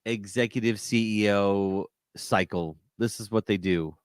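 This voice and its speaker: A man's voice: lowish voice, unhurried, smooth, no echo, clean studio sound. A man co-hosting a casual podcast chat, telling stories in a laid-back way. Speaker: podcast co-host.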